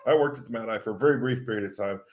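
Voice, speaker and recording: A man's voice: on the low side, very fast. A man telling a story as co-host on a casual livestream, friendly and laughing often. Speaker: co-host, husband.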